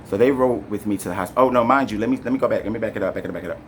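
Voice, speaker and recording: A man with a somewhat low voice tells an emotional first-person story of his arrest straight to camera, racing along, rambling and restarting while piling up fillers. He's animated and speaks to viewers directly, with a faint ambient hum in the background.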